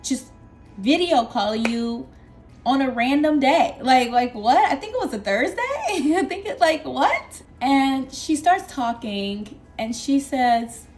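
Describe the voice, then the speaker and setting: A young woman at her desk telling an excited storytime vlog, animated and exclamatory, breaking into laughs and squeals. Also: high voice, slow, faint music behind.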